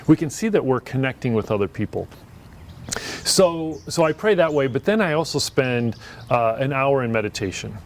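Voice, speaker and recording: A man's voice: medium pitch, expressive, moderate pace, a little hiss or hum. A man who is a priest, talking in an earnest, reflective way in a casual conversation and often restarting his sentences.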